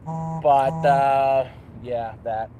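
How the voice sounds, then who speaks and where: A man's voice: mid-range voice, drawn-out words, warm tone, a little hiss or hum. A Canadian man with a Canadian accent, casually chatting on an outdoor livestream at a campsite, rambling and self-mocking with a playful "eh" and "bud". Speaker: livestream host.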